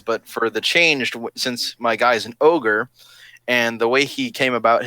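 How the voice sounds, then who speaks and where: A young man talks loosely and jokingly, trying out quick put-on voices between thoughts. His tone is bright and forward, and the recording is dry and close. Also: mid-range voice, no echo. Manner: rambling, jokey, tosses in quick silly voices. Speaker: LARP podcast co-host. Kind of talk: casual chat.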